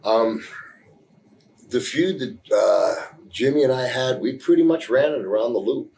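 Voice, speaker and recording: A man giving a candid interview, telling a story in a rambling, halting way with many restarts, earnest and emotional in places. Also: medium pitch, lively intonation, creaky, a little mellow, a little hiss or hum, low-quality recording. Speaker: interview guest.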